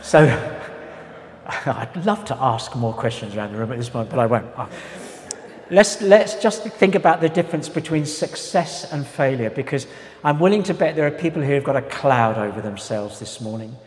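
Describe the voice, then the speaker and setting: A pastor gives a sermon in a chatty, humorous way, breaking into little character voices. His mid-pitched voice rings through a large church hall. A long reverb trails each phrase. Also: lively intonation, a little fast, darkish tone, slight background noise. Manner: conversational, humorous, acts out voices.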